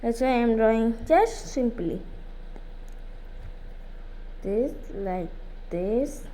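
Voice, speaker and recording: A woman's voice: on the high side, animated, very slow, mellow, a little hiss or hum, rough recording. A woman giving a step-by-step drawing tutorial in simple, repeated instructions.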